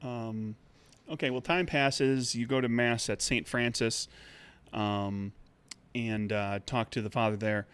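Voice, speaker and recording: A man's voice: medium pitch, steady tone, slow, a bit bright, clean tone. A man running a tabletop game as game master, narrating in a loose, rambling way full of restarts. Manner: rambling, many fillers and restarts.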